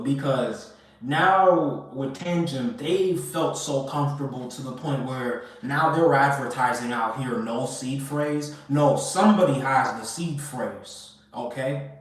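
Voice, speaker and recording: Man, casual profane rant, emphatic and rambling, mid pitch, very echoey room. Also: distant mic. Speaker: crypto commentator. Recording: echoey room, away from the mic.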